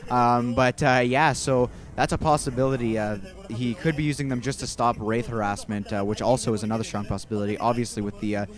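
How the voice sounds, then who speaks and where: A man's voice: mid-range voice, a little fast, hardly any pauses. A young man giving casual, rambling play-by-play commentary on a video game match as an amateur caster, often correcting himself mid-sentence. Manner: rambling, relaxed, self-correcting.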